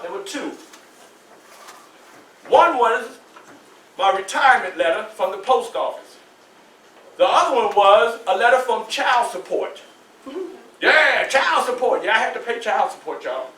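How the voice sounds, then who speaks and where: A motivational speaker in his sixties with a Southern US accent talks to students in a school hall, preacherly and call-and-response, adding folksy asides. His high-pitched voice is animated, pushed and bright, at normal speed with long pauses. The sound is echoey and distant.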